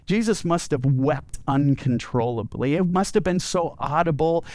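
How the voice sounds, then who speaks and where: A man's voice: fairly high pitch, a little mellow, no room sound. A man preaching a sermon as pastor, telling a story earnestly and often repeating words as he goes. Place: church.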